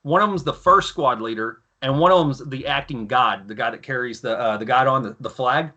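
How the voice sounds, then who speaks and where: Bright-voiced man telling profane stories. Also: mid-range voice, fairly quick, muffled recording. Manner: profane, animated, acts out yelling officers in his stories. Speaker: podcast guest, former Marine and author. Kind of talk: casual storytelling.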